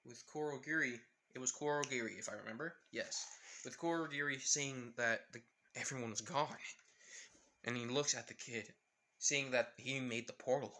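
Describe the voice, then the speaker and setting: A young man retelling a fan story off the top of his head, rambling and backtracking as he goes. His voice is bright and forward, at an ordinary mid pitch. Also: normal speed, a little hiss or hum. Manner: rambling, full of fillers and restarts. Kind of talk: casual improvised story retelling.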